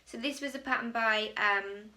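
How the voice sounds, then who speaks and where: A woman's voice: fairly high pitch, moderate pace, pushed and bright. A woman from England hosting a crochet podcast, chatting casually to camera from home in a rambling, self-mocking way.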